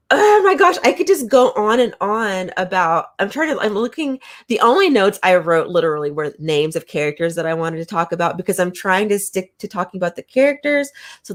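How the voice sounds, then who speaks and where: A woman reviewing manga in a casual chat to camera, talking enthusiastically with lots of fillers and restarts. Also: lowish voice.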